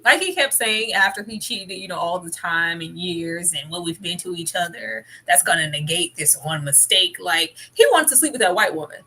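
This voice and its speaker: Bright, sassy woman co-host. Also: on the low side, breathy edge. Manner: animated, sassy, quick jumps in loudness. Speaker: podcast co-host. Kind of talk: casual reaction chat.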